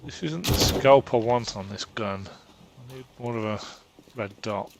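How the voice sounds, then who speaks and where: A man's voice: lowish voice, measured pace. A man chatting easily while gaming, making short offhand remarks. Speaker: gamer. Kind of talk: casual gaming chat over voice comms.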